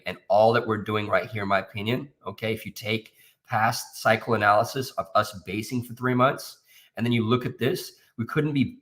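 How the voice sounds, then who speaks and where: A man's voice: fairly low pitch, fairly bright tone. A man walking through trading charts in casual, emphatic talk, often tagging lines with "okay?" and "guys". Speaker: options trader giving market analysis.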